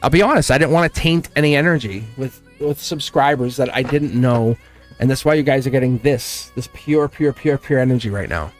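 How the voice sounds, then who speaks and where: A man talks casually to his members during a live tarot stream, laughing often and acting out little exchanges as he goes. His pitch sits at an ordinary middle level for a man. Soft music plays faintly underneath. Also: brisk. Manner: chatty and animated, laughs often, acts out quoted exchanges. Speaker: tarot reader and channel host. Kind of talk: casual livestream chat to members.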